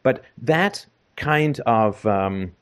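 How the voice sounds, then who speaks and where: A man's voice: mid-range voice, animated, extremely slow, smooth. A middle-aged man from Canada telling a long casual anecdote, rambling with many fillers and restarts. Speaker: storyteller in conversation.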